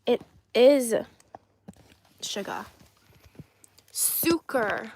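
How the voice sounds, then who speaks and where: A woman's voice: fairly high pitch, a little slow, pauses often, very noisy. A young woman chatting casually on a livestream, reading viewers' comments aloud with frequent giggles. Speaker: streamer reading live chat.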